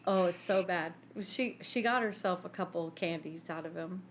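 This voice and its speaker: A woman's voice: on the low side, normal speed, background noise. A woman co-hosting a casual chat podcast, telling stories with lots of laughter and acted-out quotes. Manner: animated storyteller, laughs often, acts out quotes. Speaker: podcast co-host.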